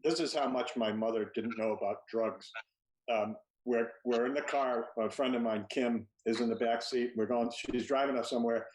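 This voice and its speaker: Comedian, male, mid-pitch, echoey room with faint hiss on a video call. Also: fairly even intonation, moderate pace. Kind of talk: comic storytelling on a video call.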